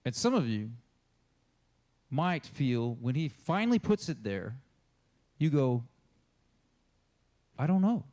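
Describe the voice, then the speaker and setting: A man's voice: mid-range voice, big pitch swings, slow, long pauses, darkish tone. A man preaching a casual, conversational sermon as a pastor, talking informally and acting out the people in the story he tells. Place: church.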